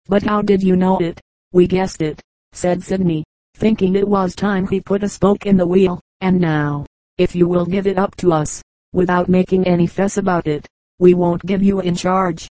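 A woman reading a children's story aloud as an audiobook narrator, in an even, measured way. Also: on the low side, dry recording, low-quality recording. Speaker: audiobook reader. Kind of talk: scripted narration.

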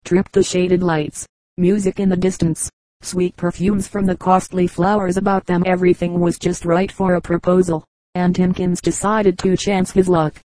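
A woman reading a book of short jokes aloud as an audiobook, in a steady, even reading voice that voices the dialogue lightly. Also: fairly low pitch, moderate pace, no room sound, rough recording. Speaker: audiobook reader. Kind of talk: audiobook narration.

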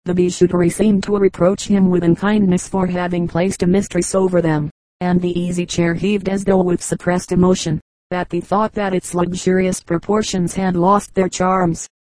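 Low, flat woman audiobook narrator. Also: no room sound, rough recording. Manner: measured, even reading. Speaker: audiobook reader. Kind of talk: narrating a Victorian novel.

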